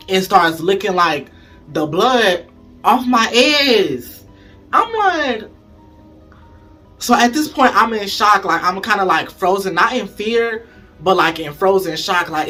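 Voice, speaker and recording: A man telling a story to his viewers in a casual, animated way, swearing a lot and calling them y'all. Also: sits high. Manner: animated, profane, keeps addressing the audience as y'all. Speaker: storytime vlogger.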